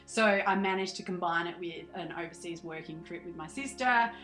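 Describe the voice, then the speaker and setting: A woman's voice: on the low side, normal speed, fairly bright tone, roomy sound, soft background music, low-quality recording. An Australian woman in her thirties, a podcast guest chatting animatedly, laughing often and acting out her past self. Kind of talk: casual interview chat.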